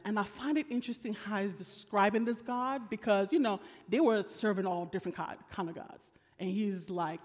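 A woman pastor preaching a sermon in an animated, humorous, colloquial storytelling style. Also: mid-range voice, moderate pace. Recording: long reverb of a large hall.

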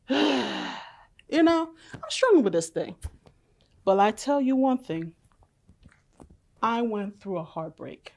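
A woman preaching a sermon and giving a personal testimony, earnest and pleading, swinging from loud to soft. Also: medium pitch, rough recording.

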